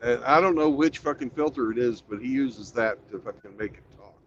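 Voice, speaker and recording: A man's voice: mid-range voice, a little fast, a bit bright. A man chatting casually on his stream through a headset. He sounds laid-back and matter-of-fact and swears in passing. The audio is a bit muffled, with faint noise behind him. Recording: dull, slightly noisy stream audio.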